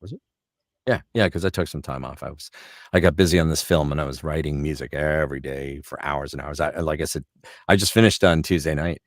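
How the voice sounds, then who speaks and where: A middle-aged man, a voice actor, telling animated anecdotes in casual chat and slipping into voices for the people he quotes. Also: a bass voice, fairly quick, dry recording, studio quality. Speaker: voice actor guest.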